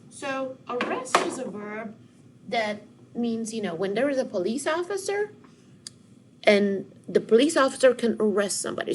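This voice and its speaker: A woman teacher giving a recorded phonics lesson, modeling words slowly with call-and-response prompts. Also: mid-range voice, background noise.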